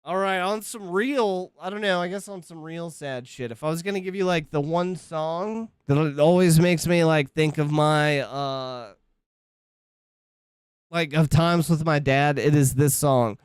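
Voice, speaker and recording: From his home streaming setup, a man in his thirties chats casually, swearing, rambling, and stopping himself mid-thought. His fairly high voice is clear and resonant, a little slow, with no room sound.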